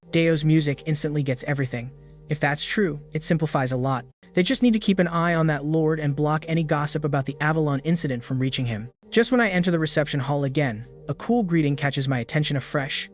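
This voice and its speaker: A man narrating a fantasy story in first person, in a steady scripted recap style. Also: on the high side. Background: background music.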